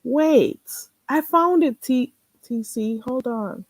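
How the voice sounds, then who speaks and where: A woman's voice: sits high, slow, darkish tone, dry recording. A woman vlogger in casual solo chat, chatty and self-mocking, talking half to herself.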